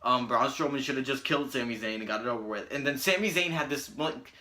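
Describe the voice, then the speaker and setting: A man's voice: medium pitch, quick pace, bright, forceful tone. A young man giving a crude, sarcastic wrestling review with lots of um fillers. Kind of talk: casual review vlog.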